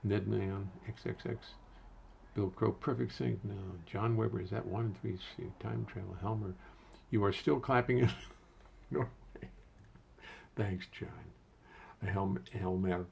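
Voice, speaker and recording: A man's voice: lowish voice, fairly even intonation, a little slow, vocal fry, pauses often, darkish tone, slight background noise. An older man casually hosting a livestream from his home studio, greeting viewers by name and muttering to himself as he adjusts settings.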